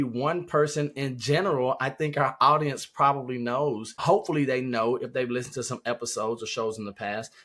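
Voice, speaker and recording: A man's voice: medium pitch, a bit bright. Man co-hosting a podcast, telling stories. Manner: storytelling, emphatic. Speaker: podcast co-host. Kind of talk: casual podcast conversation.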